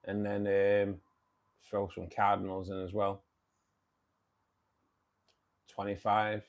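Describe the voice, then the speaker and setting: Chatty Manchester man, lowish voice. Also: completely flat delivery, slow pace. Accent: Manchester English. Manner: chatty, reads and answers viewer comments. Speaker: livestream host. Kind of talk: casual livestream chat.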